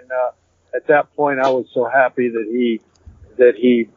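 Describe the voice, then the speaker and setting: A man, a hunter and podcast guest, telling a story in a rambling, animated way and repeating "I said" as he acts out the dialogue. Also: medium pitch, normal speed. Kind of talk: casual storytelling. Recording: tinny phone-like, dry.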